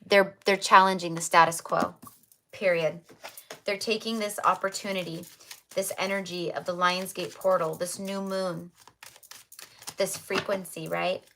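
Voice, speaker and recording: A woman's voice: lowish voice, gravelly, fairly bright tone, slight background noise. A woman giving a livestreamed tarot reading, chatty, repeating her affirming spiritual phrases. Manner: chatty with fillers. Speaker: tarot reader.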